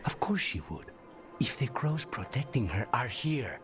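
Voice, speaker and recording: A man's voice: medium pitch, big pitch swings, measured pace. A paranoid male assassin. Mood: urgent. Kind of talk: video game dialogue. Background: game music.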